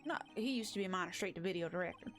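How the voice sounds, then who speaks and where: A woman voicing a timid older male stuntman actor with a halting, put-on southern drawl. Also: on the low side, a bit bright, faint music behind, natural voice. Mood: nervous.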